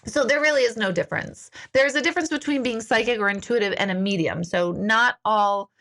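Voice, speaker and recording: A woman's voice: on the high side, fairly quick, fairly bright tone. A woman hosting a casual live-stream Q&A from a room at home. She talks informally, reads viewer comments aloud and laughs easily. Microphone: live-stream device mic.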